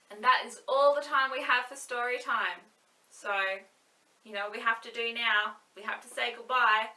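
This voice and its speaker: Woman, children's librarian, sing-song, playful, higher voice, echoey room. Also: pushed and bright. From Australia. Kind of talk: online story time for young children. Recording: echoey room, mic at a distance.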